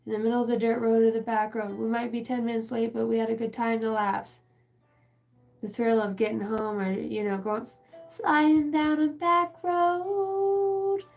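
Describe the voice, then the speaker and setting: Woman channeler, slightly high, gravelly voice, loose emotional rambling with swearing, faint music behind. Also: flat delivery, brisk, dark tone. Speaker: spiritual channeler. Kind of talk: casual channeled reading.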